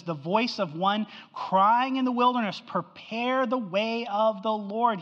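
A man's voice: sits high, fairly bright tone. Guy pastor preaching, chatty, keeps going "right?", long echo, kinda muffled lo-fi sound. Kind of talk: sermon.

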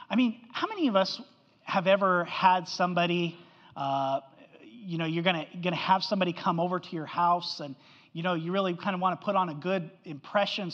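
A male pastor preaches a conversational sermon, tossing in quick tag questions to the room. His voice carries a long reverb tail, like a big sanctuary, and the recording sounds dull and muffled. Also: high voice, a bit bright. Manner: conversational preaching, keeps asking "right?".

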